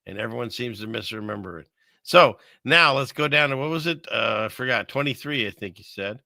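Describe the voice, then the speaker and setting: A man talks casually to his livestream chat, wandering from point to point and reading scripture aloud. His voice has a gravelly fry and a sharp, bright edge. The sound is dry and close, with no room around it. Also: mid-range voice, lively intonation, brisk, no echo. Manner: rambling, conversational, reads verses aloud. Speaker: live stream host.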